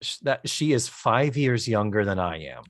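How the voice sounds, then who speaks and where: Animated male podcast co-host. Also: lowish voice, moderate pace, dry recording. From United States. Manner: animated, enthusiastic, detailed describing. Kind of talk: casual chat recapping a TV episode.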